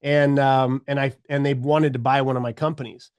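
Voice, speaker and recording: A middle-aged man telling his story as a podcast guest, animated, acting out the voices of people he quotes. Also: medium pitch, normal speed, clear, resonant tone, no echo.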